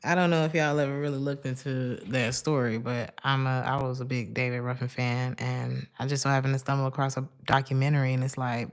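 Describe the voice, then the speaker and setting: Low-voiced woman giving a chatty tarot reading. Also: little pitch movement, brisk, hardly any pauses. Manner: chatty, laughs often, drifts into asides. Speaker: tarot reader.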